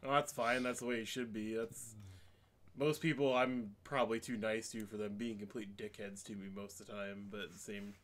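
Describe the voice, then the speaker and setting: A man's voice: fairly low pitch, little pitch movement, moderate pace, a bit bright. A man co-hosting a podcast in casual, crude chat. He peppers his talk with fillers and swearing and laughs often. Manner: profane, filler-heavy, laughing. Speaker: podcast co-host.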